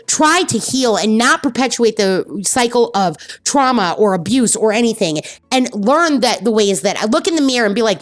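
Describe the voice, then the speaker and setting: A woman's voice: mid-range voice, no room sound, clean studio sound. A woman streamer talking candidly and bluntly in casual chat, swearing freely and repeating herself for emphasis. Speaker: streamer host. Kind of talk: casual personal talk.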